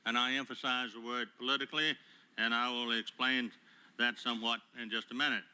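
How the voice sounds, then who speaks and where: Older man giving formal, measured testimony. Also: medium pitch, level tone, sharp tone, clean tone. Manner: measured, formal, with frequent "uh" pauses. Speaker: retired admiral testifying as a witness. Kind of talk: prepared testimony at a hearing. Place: hearing room. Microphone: table microphone.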